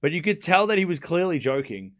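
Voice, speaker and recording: A young man chats loosely into his desk mic while hosting a live tennis watchalong. His voice sits a little on the high side for a man. He rambles through run-on thoughts packed with fillers and gets excitable and scornful when he mocks commenters. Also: brisk. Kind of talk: casual live-stream chat.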